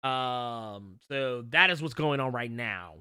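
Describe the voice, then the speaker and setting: A man hosting a comics livestream, chatting casually through viewer questions, joking and bursting into loud laughter. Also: medium pitch, animated, takes it slowly, clean tone, no echo, clean studio sound.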